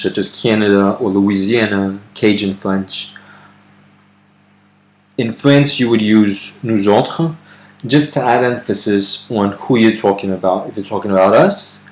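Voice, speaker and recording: A man explaining grammar in a video lesson, loose and unscripted, with fillers and self-corrections, reading foreign example sentences aloud. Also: fairly low pitch. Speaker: language teacher.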